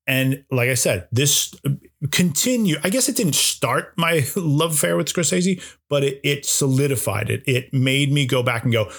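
A man's voice: mid-range voice, animated, moderate pace, creaky, fairly bright tone. A man co-hosting a podcast, chatting casually and eagerly about films, with frequent word repeats. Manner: enthusiastic, repeats words, does little voices in anecdotes. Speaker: podcast co-host. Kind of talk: casual film discussion.

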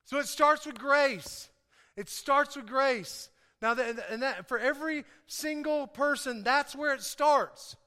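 A man preaching a sermon as pastor, lively and joking, calling on the congregation to answer back. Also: very high voice, takes it slowly. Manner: lively, joking, calls for audience response. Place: church hall. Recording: echoey hall.

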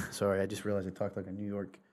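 A man's voice: on the low side, monotone, racing, darkish tone. A man, a pastor, talking in a casual church podcast in an earnest, rambling way and laughing often.

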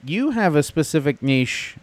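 A man's voice: on the high side, sing-song, moderate pace, no echo. A young man co-hosting a podcast, chatting casually in a laid-back, rambling, joking way into a podcast mic. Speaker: podcast co-host. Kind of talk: casual chat. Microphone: podcast microphone.

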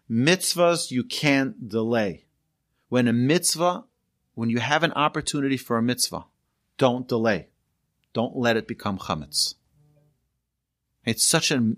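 A man giving a sermon as a rabbi, telling stories and asking his listeners questions. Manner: storytelling, asks the audience questions; lively, rises in pitch for emphasis. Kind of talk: sermon to a congregation.

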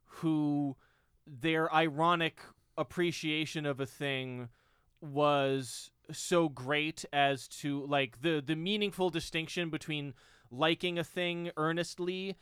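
New guy on a podcast, kinda high voice, smooth and clear, dry sound, self-mocking. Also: no echo. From New York. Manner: animated, self-mocking, quick restarts. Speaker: podcast guest. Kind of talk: casual podcast chat.

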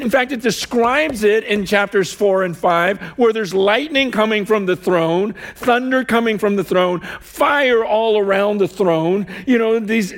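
High-voiced, animated male preacher. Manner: animated and conversational, with fillers and laughs. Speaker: guest preacher. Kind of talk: sermon.

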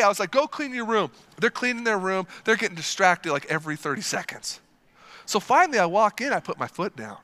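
A man preaching a sermon as a pastor. He is animated and emphatic, tells stories vividly and repeats words to stress a point. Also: high voice, a little fast. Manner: animated and emphatic, with lively storytelling.

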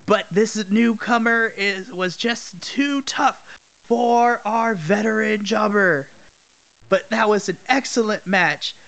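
A man's voice: high voice, gravelly, fairly bright tone, full character voice. A man voicing a male wrestling commentator with hyped broadcast patter.

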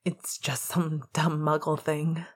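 A woman's voice: low voice, flat delivery, slow pace, husky, heavily acted. A woman reading a cocky, rebellious teenage boy wizard in a podfic, brash and playful.

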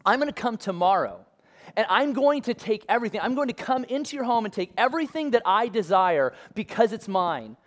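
Casting: a boastful, bullying king, put on by a preacher, with fast, taunting threats and a high voice. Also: very animated, long reverb tail. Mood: threatening.

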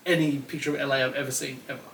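A man's voice: medium pitch, level tone, rapid-fire, vocal fry, fairly bright tone, distant mic. A man, co-hosting a podcast in casual chat, laid-back and rambling. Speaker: podcast co-host.

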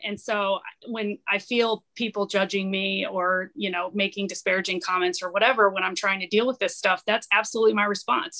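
Woman guest, bright and level delivery, candid and chatty. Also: mid-range voice, fairly even intonation, brisk, few pauses. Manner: candid, chatty, laughs easily. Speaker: podcast guest, company founder. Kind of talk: casual conversation.

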